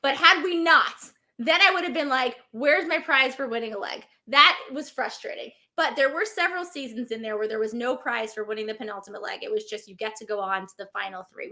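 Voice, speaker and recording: Bright-voiced woman chatting casually. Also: a little high. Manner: chatty, self-deprecating, quick asides. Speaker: co-host, former race winner. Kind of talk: casual recap chat.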